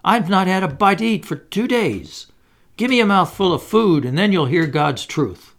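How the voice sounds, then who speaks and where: A surly, hungry drifter, done by a man reading aloud, rough-spoken and given to a beggar's whine. The voice is gravelly and lively in pitch, thrown about between grumbling and pleading. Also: normal speed. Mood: whining. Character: surly hungry male vagrant, whining and rough.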